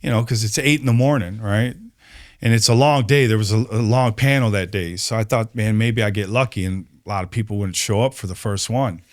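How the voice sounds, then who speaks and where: Guy spinning a story on a podcast, gets loud and high acting out other people, lots of "man" and "right?". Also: brisk. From Chicago, USA. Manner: animated storyteller, acts out quotes with rising pitch, many fillers. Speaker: podcast guest. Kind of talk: storytelling in casual conversation.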